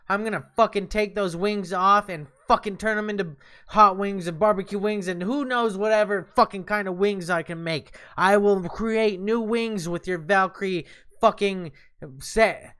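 A man's voice: sits high, clean tone. Tipsy man cursing at a boss fight. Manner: profane, yelling and cursing at the game. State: tipsy from drinks and smoking. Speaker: game streamer. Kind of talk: live gameplay commentary.

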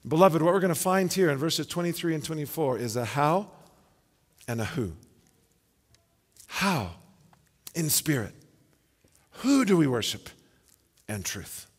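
A pastor with a higher, slightly breathy voice preaches in a church sanctuary, his intonation lively and his pace measured, with frequent pauses. He is emphatic, building his points through repeated words and rhetorical questions, and the hall adds long reverb.

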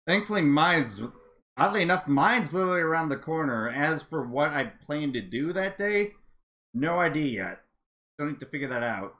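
A man live-streaming a racing game, chatting casually and reacting with excitable exclamations. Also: on the high side, moderate pace. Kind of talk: casual live-stream chat while gaming.

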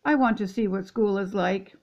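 A woman's voice: medium pitch, moderate pace, darkish tone, lo-fi sound, natural voice. Grandma doing Bridget, a bouncy girl gator. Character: bouncy bossy girl alligator.

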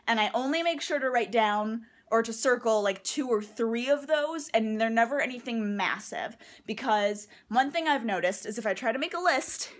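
A woman's voice: a little high, expressive, moderate pace, hardly any pauses. Chatty young woman vlogging at home. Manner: chatty, rambling, laughs at herself. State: out of breath. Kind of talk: casual vlog chat. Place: at home, indoors.

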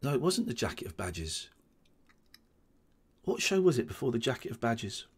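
A man's voice: mid-range voice, very animated, normal speed, slightly rough. A man, rambling and restarting as he gives casual commentary on his old show. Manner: rambling, many restarts and stammers. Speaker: host watching back his old show.

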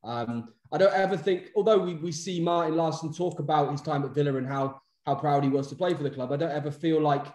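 A man's voice: on the high side, brisk, few pauses, a little mellow. A man hosting a casual chat, hesitant and often repeating his words as he goes. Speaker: podcast host. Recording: roomy echo.

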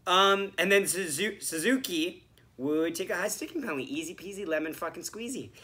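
A man's voice: high voice, brisk. A young man co-hosting a podcast, recapping a hockey game in rambling, profane casual chat. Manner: rambling, profane, swings from mumbling to shouting. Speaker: podcast co-host.

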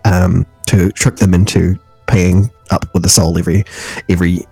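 Low husky relaxed man co-host. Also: moderate pace, no echo, faint music behind. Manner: relaxed, hesitant with many ums. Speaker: podcast co-host. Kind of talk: casual podcast chat.

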